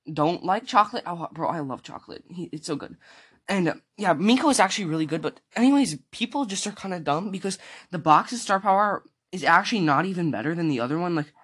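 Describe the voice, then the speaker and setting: A man's voice: on the high side, a bit bright. A young man hosting a casual solo podcast, reading out listener comments in a rambling way with lots of fillers, his throat sore. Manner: rambling, many fillers and restarts. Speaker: podcast host.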